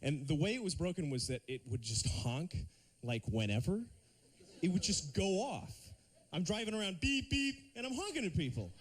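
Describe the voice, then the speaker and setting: High, bouncy comic man on stage. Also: normal speed, slightly rough. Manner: lively, breaks into silly put-on voices. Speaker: stand-up comedian. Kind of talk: stand-up routine. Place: TV studio stage.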